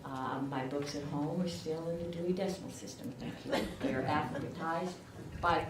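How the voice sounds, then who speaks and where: An older woman with a rural southern Illinois accent gives a chatty, self-deprecating speech, her voice sitting a little low. She is picked up from a distance in an echoey room. Steady background noise runs under her. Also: moderate pace. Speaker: award recipient. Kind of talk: acceptance speech.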